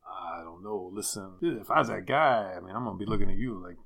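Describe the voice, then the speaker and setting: A man's voice: sits low, fast talker, creaky, a bit bright, heavily acted. A man doing a blunt Italian-accented singer. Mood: dismissive. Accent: put-on Italian. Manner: casual, dismissive. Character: middle-aged male Christian singer giving blunt, laid-back advice. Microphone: video call.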